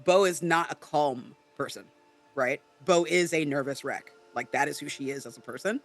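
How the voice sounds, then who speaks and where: A man co-hosting a podcast in casual chat, animated and explanatory, often tagging on "right?". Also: on the high side, moderate pace, soft background music. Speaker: podcast co-host. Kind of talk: casual chat about tabletop role-play.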